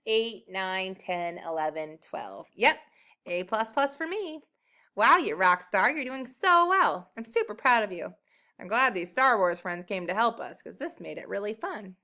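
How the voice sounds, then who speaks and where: A woman teacher giving a recorded math lesson to young children, upbeat and encouraging, speaking slowly and clearly. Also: medium pitch, sharp tone.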